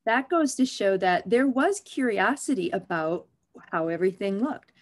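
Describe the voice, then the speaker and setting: A woman OB/GYN talks about her field on an interview show with candor and jokes, staying animated throughout the conversation. She has a mid-range voice and speaks at normal speed.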